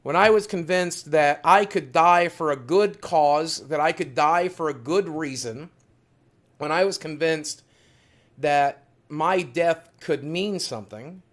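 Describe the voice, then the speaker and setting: A man's voice: a little high, slow pace. A man hosting a livestream from his studio, talking in an earnest, heartfelt, confessional way with emphatic repetition. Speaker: livestream host.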